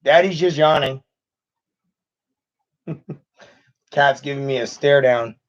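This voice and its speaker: A man hosting a casual livestream chat, halting and chuckling often. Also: medium pitch, dull audio. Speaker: channel host on a livestream.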